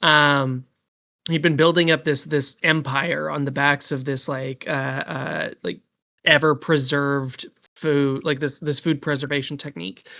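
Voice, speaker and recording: A man's voice: on the high side, level tone, a little slow, gravelly, sharp tone. A man running a tabletop game as game master, narrating in a rambling way with many fillers. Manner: rambling, many ums and likes. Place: home setup, streamed live.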